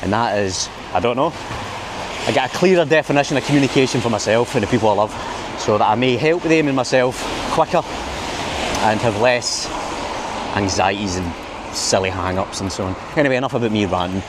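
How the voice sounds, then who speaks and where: A man's voice: mid-range voice, fairly quick, noisy background. A man from Scotland with a Glaswegian accent, chatting and rambling as he walks the city streets at night for his vlog. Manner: chatty, rambling, laughs at own jokes. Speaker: vlogger. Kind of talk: casual walking vlog.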